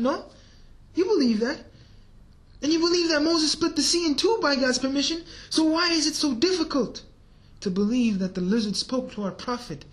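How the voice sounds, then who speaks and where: A man telling a religious story as a sermon, animated and speaking straight to his listeners, sometimes dropping to a whisper. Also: extremely high pitch. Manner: addresses listeners directly. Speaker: preacher.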